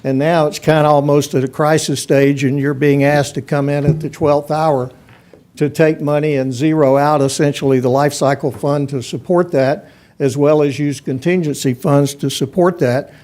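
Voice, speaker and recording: At a county commission meeting chamber, a man delivers public comment on the budget, laying out firm, methodical criticism into a podium microphone. His voice is a little high with a dark tone.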